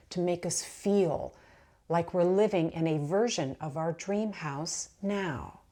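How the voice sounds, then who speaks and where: A middle-aged woman talks straight to her viewers as a manifestation coach, in a casual, animated way. She moves between advice and stories and laughs easily as she goes. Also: fairly low pitch. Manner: chatty and animated, laughs while telling stories. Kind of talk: casual motivational talk to camera.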